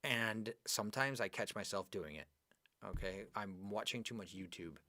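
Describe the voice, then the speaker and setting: Chatty low-voiced male English teacher. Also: normal speed, no echo, clean studio sound. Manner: chatty, animated, talks to students by name. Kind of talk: live online grammar lesson.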